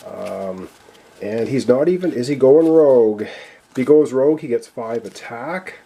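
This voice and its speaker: A man with a voice he says he is losing, commenting excitedly on his own solo board game play and counting cards aloud. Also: mid-range voice, a little slow, gravelly, slight background noise. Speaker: board game player and channel host.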